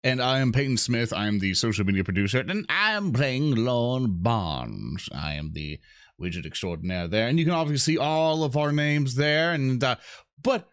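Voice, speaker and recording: A man's voice: medium pitch, expressive, a little fast, no echo, studio quality. A man co-hosting a tabletop game stream, chatting casually with playful, mock-dramatic asides. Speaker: player and stream co-host. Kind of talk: casual livestream chat.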